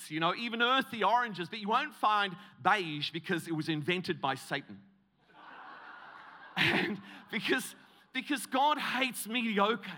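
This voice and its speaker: High, bright-voiced preacher. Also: male voice. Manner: comic, self-mocking, many restarts. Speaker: guest preacher. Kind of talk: humorous sermon story.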